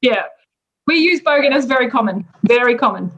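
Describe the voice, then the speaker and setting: An Australian woman explaining local slang in a relaxed, chatty way, pausing with ums as she goes. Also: on the high side, muffled recording. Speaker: native speaker explaining slang. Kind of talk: casual explanation.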